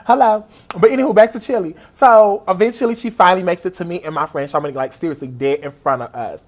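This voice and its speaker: A man telling an excited personal story on his vlog, gushing and animated and speaking straight to his viewers. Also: brisk. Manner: animated and gushing, big pitch swings, talks straight to viewers. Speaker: vlogger.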